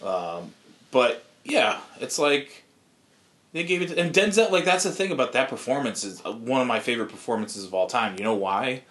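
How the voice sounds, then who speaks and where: A man's voice: mid-range voice, animated, moderate pace, a bit bright. A man in his thirties co-hosting a podcast, talking loosely and profanely, laughing often. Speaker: podcast co-host. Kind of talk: casual chat.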